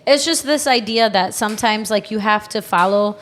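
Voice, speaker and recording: A woman's voice: medium pitch, normal speed, a bit bright. A woman hosting a podcast, chatting casually and retelling book scenes with feeling. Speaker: podcast host. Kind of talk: casual chat.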